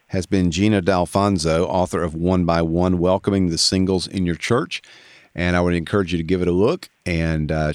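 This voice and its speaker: A man's voice: deep voice, dry recording, studio quality. A man hosting an interview podcast, giving short, encouraging replies to his guest. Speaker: podcast host.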